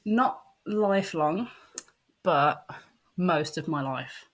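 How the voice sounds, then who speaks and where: Low-voiced young English woman. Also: expressive, slow pace. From England. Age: 20s. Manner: friendly, laughs easily. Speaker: guest wrestling fan. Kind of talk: casual interview.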